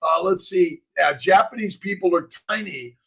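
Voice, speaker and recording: A middle-aged physician hosting a casual morning livestream, preaching in punchy slogans and answering chat comments. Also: male voice, high voice, moderate pace, gravelly, fairly bright tone, breathy edge, poor audio.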